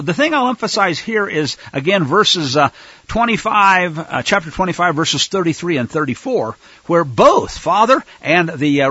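Animated, husky male Bible teacher. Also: a little high, no echo, highs cut off. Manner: animated, voices the characters, many fillers. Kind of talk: Torah teaching with dramatized readings.

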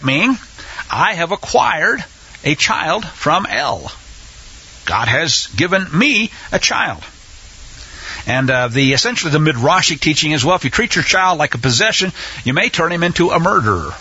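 A man's voice: a little high, bright, forceful tone, breathy edge, muffled recording. A man teaching the Bible on the radio in an impassioned, conversational way, full of asides. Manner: impassioned, indignant preaching with asides.

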